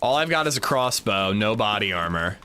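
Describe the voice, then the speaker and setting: Bright-voiced joking male game streamer. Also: on the low side, animated, moderate pace, slight background noise. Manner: joking, chatty, talks to chat. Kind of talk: casual livestream commentary.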